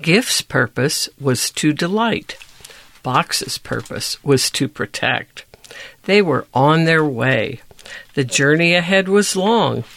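Brief: gentle storyteller, slow-paced, gravelly voice, reading a picture book aloud. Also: medium pitch, animated, no echo.

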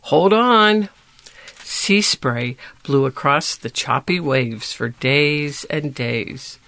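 A storyteller reading a children's picture book aloud, describing each page in a slow, deliberate, gentle way. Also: medium pitch, gravelly.

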